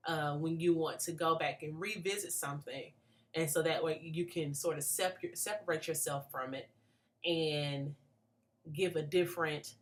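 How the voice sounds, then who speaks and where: A graduate student in her late twenties, her voice low and slightly bright, offers an earnest, thoughtful spoken reflection on a book for a class. She restarts often.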